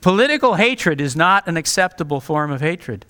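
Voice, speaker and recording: A man's voice: fairly high pitch, very animated, normal speed, bright, forceful tone, smooth. A male pastor preaching a sermon, earnest and direct, pleading with his listeners.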